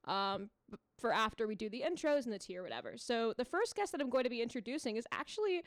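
A young woman hosts a chatty podcast from a dorm room, upbeat and full of enthusiasm. Her voice sits a little high and swings freely. The sound is close and dry. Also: animated, no echo. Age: young adult. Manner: bubbly, laughs often, quick hyped-up intros. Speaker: podcast host. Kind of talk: casual chat.

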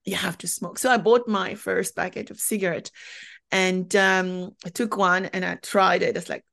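A woman from France with a French accent, a company founder telling stories as a podcast guest in a lively, chatty way. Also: fairly low pitch, moderate pace, gravelly. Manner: animated, chatty storyteller. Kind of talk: conversational interview.

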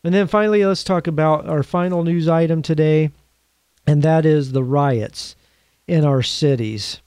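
Male commentator, slightly higher voice, mellow tone, emphatic and earnest, slows down for emphasis, dry close sound. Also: clean tone, no echo. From United States. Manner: asks the listener rhetorical questions. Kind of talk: opinion commentary.

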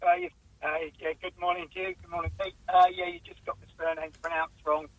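A man's voice: a little high, flat delivery, fast, dry recording. A man calling in to a radio show, hesitant and full of fillers, speaking over a muffled phone line. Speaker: caller. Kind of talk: phone interview.

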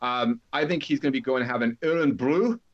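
A man's voice: medium pitch, brisk. A man co-hosting a podcast, chatting in a teasing, talkative way. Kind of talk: casual chat. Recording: dull lo-fi sound.

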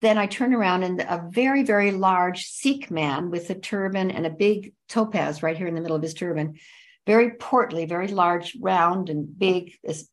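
An older woman, a podcast guest, telling a personal story in vivid detail and stretching out her emphatic words. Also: fairly low pitch. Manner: vivid, repetitive description with drawn-out emphasis.

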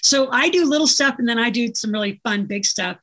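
A middle-aged woman with a slightly higher voice tells stories in a quick, enthusiastic flow. She speaks as a guest author in a casual interview chat. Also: a bit bright.

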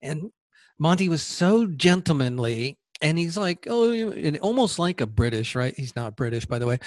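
A man's voice: a little high, sing-song, moderate pace, a little mellow, no echo, clean studio sound. A man hosting a podcast who talks casually and rambles, repeating words and going off on tangents. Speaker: podcast host.

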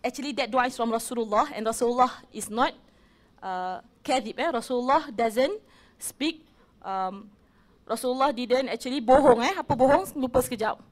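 A woman with a Malaysian accent giving a religious talk to an audience, chatty and switching between English and Malay as she speaks. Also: on the high side.

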